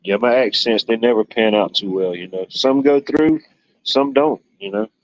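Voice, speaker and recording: A man's voice: lowish voice, normal speed, poor audio. A man hosting a livestream in casual chat, rambling and joking, with "you know" sprinkled throughout. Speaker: livestream host.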